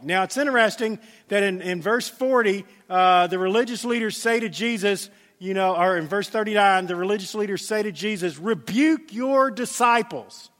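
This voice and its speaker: A male pastor preaching with a high, bright-pitched voice. He speaks with animation, acting out quoted voices and sometimes stumbling through restarts. The sound carries a long reverb from a church sanctuary. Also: moderate pace, few pauses. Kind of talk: sermon.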